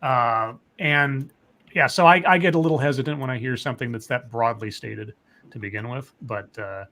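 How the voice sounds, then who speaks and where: A man's voice: mid-range voice, moderate pace, bright, forceful tone. A man hosting a podcast, talking casually and musing aloud with questions and restarts. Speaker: podcast host. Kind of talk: casual chat.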